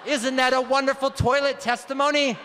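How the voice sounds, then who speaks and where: A man's voice: extremely high pitch, flat delivery, fairly quick, noisy background. A man in his thirties giving an earnest, emphatic testimony sermon and calling out to his audience. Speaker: preacher. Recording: long hall reverb.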